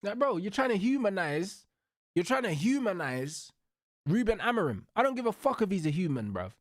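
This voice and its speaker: High, lively ranting man. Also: moderate pace, no room sound, studio quality. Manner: profane, slang-heavy, repeats tags like bro and blood. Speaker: football watch-along host. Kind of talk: heated football rant.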